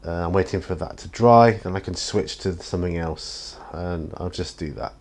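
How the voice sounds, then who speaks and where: A man's voice: low-pitched, normal speed, gravelly, a little mellow. A man chatting casually while painting miniatures in his home studio, rambling and self-deprecating, tired and yawning often. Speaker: hobby painting vlogger.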